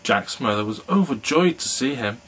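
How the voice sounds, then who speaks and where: A man reads a fairy tale aloud in an unhurried storyteller's manner. His voice is mid-pitched with a bright, forceful tone. A faint hiss runs underneath. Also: lively intonation, poor audio.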